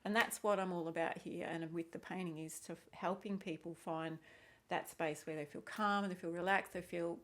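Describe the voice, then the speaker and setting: A woman's voice: lowish voice, fairly even intonation, moderate pace. A woman art teacher, interviewing a former student in a casual, encouraging way, full of "like" and "you know".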